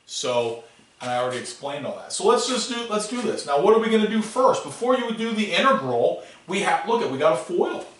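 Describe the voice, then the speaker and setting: A man teaching a classroom math lesson, animated and playful, asking students questions as he works. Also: high voice, a little fast, slight background noise. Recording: echoey classroom, voice from far off.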